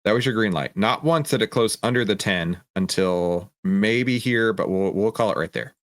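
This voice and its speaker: A man's voice: on the low side, moderate pace, no room sound, studio quality. A man hosting a trading show, answering live viewer questions while working through charts in a casual, conversational way, often repeating himself and restarting sentences. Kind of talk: live Q&A with screen-share chart walkthrough.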